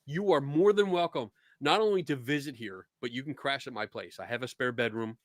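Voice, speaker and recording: A middle-aged man with a Philadelphia accent hosting a casual chat, easygoing, laughing often and filling pauses with ums. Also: mid-range voice, no room sound. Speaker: podcast host.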